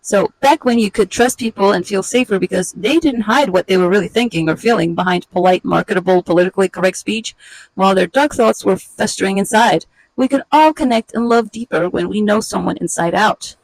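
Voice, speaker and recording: A woman in her forties casually walking through her own comic pages, sardonic and halting, with frequent fillers. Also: mid-range voice, dry recording, rough recording. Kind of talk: casual walkthrough narration.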